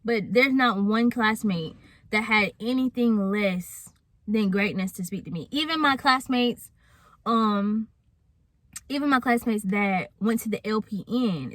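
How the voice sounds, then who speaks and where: A woman's voice: mid-range voice, no room sound. A young adult woman telling a personal story in a casual, candid vlog, chatting straight to her viewers. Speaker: vlogger.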